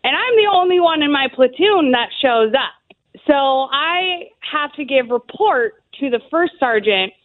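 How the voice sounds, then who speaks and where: A fairly high-voiced woman chats through stories, laughing often and leaning on fillers. Her voice comes over a thin, phone-like line that cuts the lows and highs. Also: lively intonation, a little slow. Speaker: guest, Army veteran. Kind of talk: casual interview storytelling.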